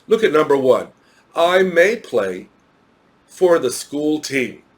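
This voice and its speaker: Slow, spelling-out American teacher. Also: male voice, on the high side, sing-song. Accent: American English. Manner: explains step by step, spells words out letter by letter. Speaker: English teacher. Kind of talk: recorded English grammar lesson.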